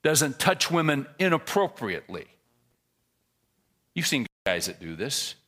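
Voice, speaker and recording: Male pastor, sermon delivery, lively pitch, punchy emphasis dropping to low asides. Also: unhurried. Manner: animated storyteller, swings from loud emphasis to quiet asides.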